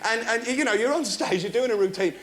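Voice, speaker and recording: A man doing a stand-up comedy routine, telling his story in an animated, breathless way. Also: very high-pitched, quick pace. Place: studio stage before a laughing audience.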